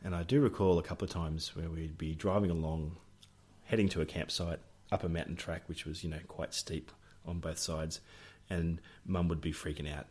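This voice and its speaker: A man's voice: sits low, fairly even intonation, moderate pace, a little mellow, slightly rough. A middle-aged Australian man co-hosting a podcast, telling family stories in a jokey way and laughing often. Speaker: podcast co-host. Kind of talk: casual storytelling chat.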